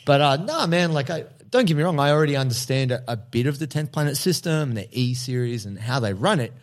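A man talking casually on a podcast. His pitch sits in the middle of the male range, and he speaks bluntly with plenty of slang and the odd curse. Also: animated, brisk. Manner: blunt, slangy, swears freely. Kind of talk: casual chat.

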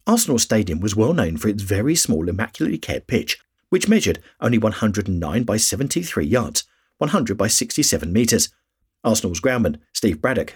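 A man's voice: lowish voice, a little mellow, slightly rough. A man reading a scripted history narration for a podcast. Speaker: podcast host.

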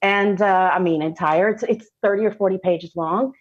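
A woman, a podcast guest telling a personal story candidly, laughing often and slowing down for emphasis. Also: medium pitch, slightly rough, lo-fi sound.

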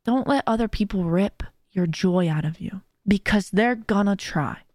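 This mellow, medium-pitched woman talks at a normal speed over a dry, clean studio recording. On her own podcast, the host and streamer shares casual, heartfelt motivation grounded in faith.

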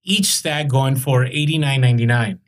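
A man hosting a casual podcast, telling animated, rambling stories about reselling. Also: medium pitch, normal speed.

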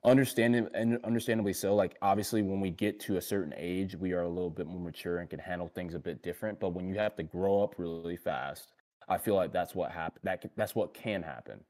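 A man's voice: low-pitched, brisk, darkish tone. A young man co-hosting a casual panel chat, rambling with many fillers and restarts, slipping into giggles. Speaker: podcast co-host.

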